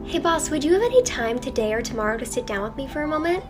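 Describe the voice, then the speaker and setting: A woman's voice: high-pitched, very animated, quick pace, over music. A woman acting out asking her boss for a raise, polite and hesitant. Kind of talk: office role-play skit.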